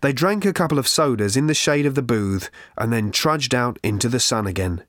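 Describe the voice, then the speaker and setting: A man reading a novel aloud as its narrator, in a measured, dry manner. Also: mid-range voice, fairly bright tone, no room sound. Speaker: audiobook narrator. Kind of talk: scripted narration.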